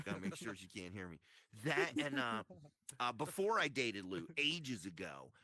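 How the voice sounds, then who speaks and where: A man's voice: medium pitch, wildly swooping pitch, moderate pace, gravelly, bright, forceful tone, no room sound. A man hosting a stand-up comedy show, rambling through a story and chuckling at his own jokes.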